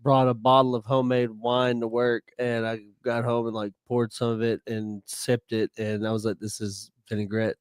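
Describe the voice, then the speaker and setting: A man's voice: medium pitch, little pitch movement, normal speed, hardly any pauses, clean tone, no echo. A man co-hosting a podcast, chatting in an easygoing, agreeable way. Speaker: podcast co-host. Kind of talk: casual podcast chat.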